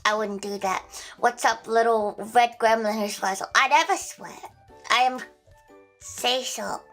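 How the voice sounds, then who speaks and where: A woman's voice: on the high side, a little slow, a bit bright, soft background music. A young woman livestreaming, chatting casually with viewers in a playful, giggly, chaotic way with crude jokes.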